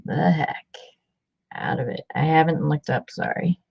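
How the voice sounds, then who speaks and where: Slow, chatty woman on a lo-fi livestream. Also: low-pitched, vocal fry, breathy edge. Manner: chatty, rambling, repeats herself while crafting. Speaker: craft livestream host. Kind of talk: casual livestream chat.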